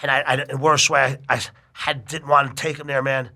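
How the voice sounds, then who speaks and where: A middle-aged man telling a long personal story in casual chat, animated and full of swearing. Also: medium pitch, brisk, vocal fry.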